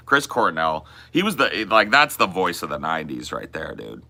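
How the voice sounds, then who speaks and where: A man's voice: low-pitched, wildly swooping pitch, normal speed, gravelly, hardly any pauses, pushed and bright. A man in his forties chatting casually as a podcast host, rambling and laid-back, with plenty of casual swearing. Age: 40s. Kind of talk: casual chat.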